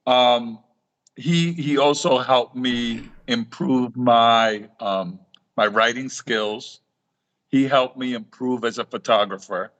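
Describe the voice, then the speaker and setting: A man's voice: mid-range voice, steady tone, takes it slowly, fairly bright tone, dull audio. A middle-aged man, a guest author on a talk show, telling stories and acting out quoted dialogue, often restarting his sentences. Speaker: guest, reef aquarium author. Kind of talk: storytelling in a live talk show interview.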